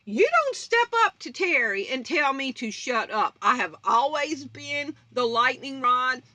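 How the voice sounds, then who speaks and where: A woman's voice: high-pitched, sing-song, measured pace, pushed and bright, dry recording. A woman, hosting her own channel in a blunt, confrontational vlog rant. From North Baton Rouge, Louisiana. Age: 50s. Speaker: channel host. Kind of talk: fiery vlog rant to viewers.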